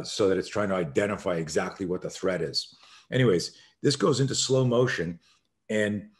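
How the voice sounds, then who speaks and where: Animated man telling a story, low voice. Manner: animated storyteller who acts out scenes. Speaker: guest, self-defense expert. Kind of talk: storytelling in a podcast conversation.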